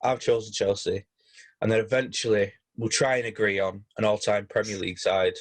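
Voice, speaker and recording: A man co-hosting a casual football podcast, talking in halting bursts with many restarts. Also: on the low side, fairly even intonation. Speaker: podcast co-host.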